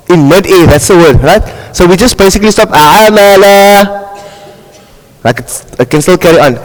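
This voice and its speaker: A man with a South African accent teaching a class on Quran recitation rules, checking in with his students constantly and modelling words slowly. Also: on the high side, in a large hall, rough recording. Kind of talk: classroom tajweed lesson.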